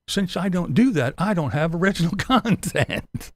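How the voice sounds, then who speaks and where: A man's voice: a little high, sing-song, measured pace, vocal fry. A man hosting a livestream commentary show, ranting in a sarcastic, mocking way, swearing freely and laughing often. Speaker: commentary channel host. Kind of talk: profane livestream rant.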